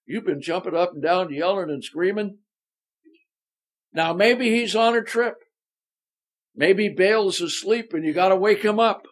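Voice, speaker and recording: A man's voice: fairly high pitch, measured pace, voice pushed up, close to an everyday voice. A man voicing a bold male prophet who taunts his rivals in a folksy paraphrase. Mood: taunting.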